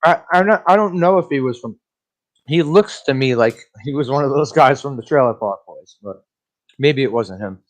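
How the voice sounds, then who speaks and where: A man co-hosting a casual movie podcast, speaking at an ordinary mid pitch. He is blunt and profane, and he often breaks into laughter while trading opinions. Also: lively intonation, normal speed. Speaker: podcast co-host. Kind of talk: casual movie-review chat.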